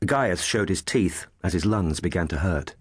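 A man with a very deep, slightly husky voice reads a historical novel in a steady, measured storytelling manner. The recording is dry and close, with no room sound. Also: no echo. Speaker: audiobook narrator. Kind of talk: scripted narration.

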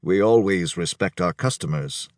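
A man voicing a calm, polite male restaurant owner who speaks in a quiet murmur. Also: lowish voice, unhurried, no echo, clean studio sound. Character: smooth, shaven-headed male restaurant boss.

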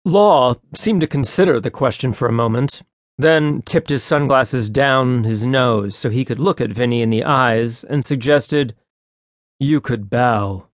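A man narrating an audiobook in a brisk, wry storytelling manner, close to a studio mic. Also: medium pitch, no room sound.

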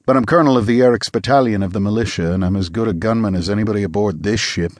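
A proud young landsman who answers flatly and quickly, as a man voices him. The delivery stays close to the narrator's own low voice, just a bit raised. Close, dry audiobook sound. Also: no echo, lightly acted. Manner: flat, clipped.

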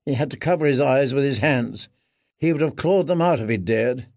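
A man narrating an audiobook in a measured, grave storytelling manner. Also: medium pitch, darkish tone, no room sound, clean studio sound. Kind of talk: scripted narration.

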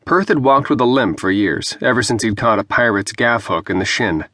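A man narrating a fantasy novel in a measured, even storytelling manner on a close studio mic. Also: medium pitch, no echo. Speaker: audiobook narrator. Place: dry recording booth.

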